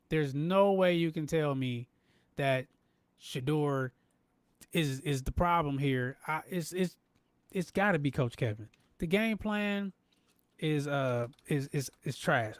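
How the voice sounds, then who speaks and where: A man hosting a live sports podcast, animated and emphatic, repeating himself and talking straight to his chat. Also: fairly high pitch, no echo. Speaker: podcast host. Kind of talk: live-stream sports talk.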